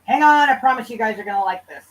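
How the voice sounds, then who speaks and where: High-voiced woman chatting on a livestream. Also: animated, quick pace, far from the mic, low-quality recording. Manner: loose, profane, banters with chat. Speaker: livestream host. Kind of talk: casual livestream chat reading viewer comments.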